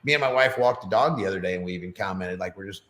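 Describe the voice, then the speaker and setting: Low-voiced rambling man, roomy echo. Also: rapid-fire, fairly bright tone. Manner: rambling, chatty, many fillers. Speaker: podcast guest. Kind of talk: casual chat.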